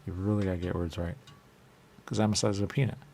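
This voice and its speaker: A man's voice: sits low, flat delivery, fast, vocal fry, mellow, a little hiss or hum. A man hosting a radio talk show, bantering in a rambling, playful way full of repeated wordplay. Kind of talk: loose comedic studio banter. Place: radio studio.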